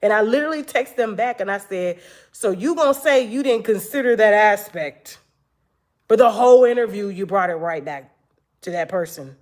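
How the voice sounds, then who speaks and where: A woman hosting an online talk show, telling stories to her viewers in a casual, animated and profane way and acting out what other people said. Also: medium pitch, moderate pace. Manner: animated storytelling, acts out quotes, profane.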